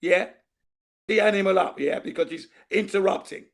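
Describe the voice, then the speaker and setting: A man's voice: high-pitched, moderate pace. A man in a heated online debate who keeps repeating himself to push his point through interruptions. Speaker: debate panelist.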